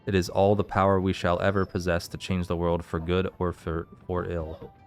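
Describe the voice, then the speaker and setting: A man's voice: deep voice, completely flat delivery, normal speed, soft background music. A man hosting a let's play, reading game lore entries aloud and stopping now and then to puzzle over how to say a name.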